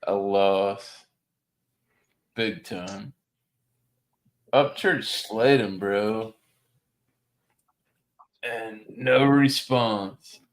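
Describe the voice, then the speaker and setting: A man in casual chat, talking in a slangy, drawn-out way. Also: lowish voice.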